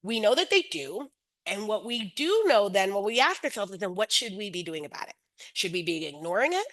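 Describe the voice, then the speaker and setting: A woman's voice: medium pitch, big pitch swings, brisk, a bit bright, poor audio. A middle-aged woman presenting an educational webinar as a teacher educator, often checking in with her listeners by asking "right?".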